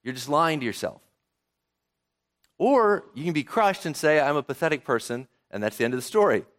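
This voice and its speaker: A man's voice: fairly high pitch, normal speed. A man preaching a sermon as pastor, often asking the congregation and kids questions. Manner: animated, asks the congregation questions.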